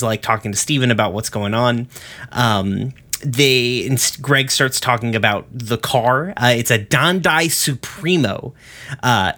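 A man's voice: mid-range voice, pushed and bright. A man hosting a podcast, giving a rambling, profane recap of an episode, full of fillers. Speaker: podcast host.

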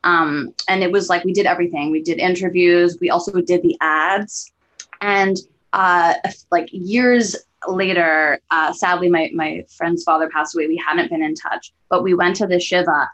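A woman comedian as a guest, telling stories in a relaxed, self-deprecating way. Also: fairly low pitch, poor audio. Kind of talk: casual conversation.

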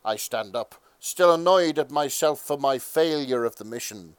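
A man narrating a comic fan fiction reading as host, mostly deadpan with bursts of laughter. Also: mid-range voice, moderate pace, smooth, no echo.

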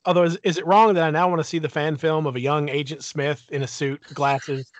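A male co-host joining in the chat with eager, joking remarks. His voice sits a little higher than most men's. The recording is close and dry. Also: level tone, fairly quick, no room sound, dull audio. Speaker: podcast co-host. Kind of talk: casual podcast chat.

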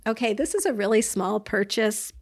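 A woman's voice: mid-range voice, moderate pace, breathy edge. Woman co-host in casual chat. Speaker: podcast co-host.

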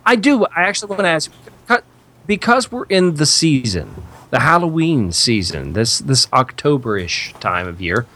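A man's voice: a little high, sing-song, normal speed, a bit bright. Teasing podcast co-host man. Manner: chatty, teasing, leads the questions. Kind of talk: casual crude podcast banter.

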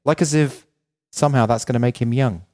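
A man co-hosting a podcast in casual chat, firing off rhetorical questions one after another. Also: mid-range voice. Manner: animated, rapid-fire rhetorical questions. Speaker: podcast co-host.

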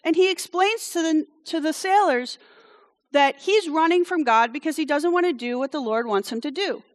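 A woman with a high voice preaches in a church. She tells the story in a chatty, conversational way, breaking off for wry asides and checking in with "okay?". Her voice rings with the long reverb of a large hall. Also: normal speed. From France.

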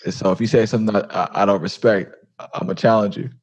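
Deep-voiced laid-back man hosting a podcast. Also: fairly even intonation, fast talker, a little mellow, dull audio. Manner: laid-back, chatty, lots of "like" and "um". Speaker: podcast host. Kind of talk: casual conversational interview.

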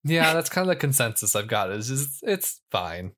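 A man's voice: medium pitch, sing-song, normal speed, pushed and bright. A young man co-hosting a podcast, rambling easily and joking at his own expense. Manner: easygoing, rambling, self-deprecating. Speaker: podcast co-host. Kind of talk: casual chat.

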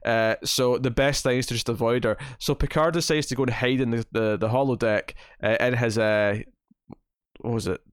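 A man co-hosting a podcast, recapping scenes in a rambling, animated way. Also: mid-range voice, normal speed, clean tone, dry recording, clean studio sound. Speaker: podcast co-host. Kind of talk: casual chat.

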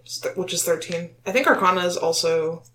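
A woman's voice: on the low side, a little fast, a bit bright, rough recording. A woman playing a tabletop game with friends, joking around and swearing casually. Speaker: player.

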